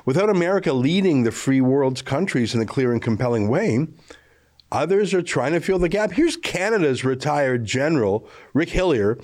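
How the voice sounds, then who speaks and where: A man's voice: medium pitch, sing-song, normal speed, a little mellow. A man hosting a political commentary show, delivering scripted remarks in a scornful, emphatic way.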